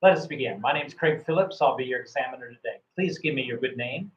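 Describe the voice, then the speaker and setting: A man's voice: mid-range voice, fast. A man teaching English online and running a mock speaking test, encouraging and full of fillers and restarts. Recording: roomy, dull lo-fi sound.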